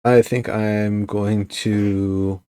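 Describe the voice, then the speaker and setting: A man's voice: on the low side, little pitch movement, extremely slow, crowd noise. A man playing a tabletop game, chatting casually and hesitantly, with jokes and trailing phrases. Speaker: player.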